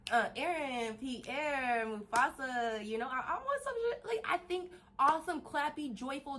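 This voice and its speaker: A woman vlogger giving a casual motivational rant, animated, laughing often and swearing freely as she rambles with restarts. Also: fairly high pitch, a little hiss or hum.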